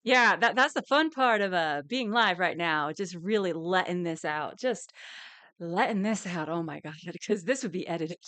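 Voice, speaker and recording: A woman's voice: on the low side, a bit bright, dry recording. A woman streaming a live reaction, ranting angrily and swearing, with bursts of laughter.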